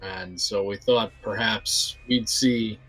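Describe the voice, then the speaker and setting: A man with a fairly low voice speaks in character at a game table. He talks in a measured, persuasive way. Faint music plays in the background. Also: steady tone, fairly bright tone, rough recording. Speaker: player. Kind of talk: tabletop role-play in character.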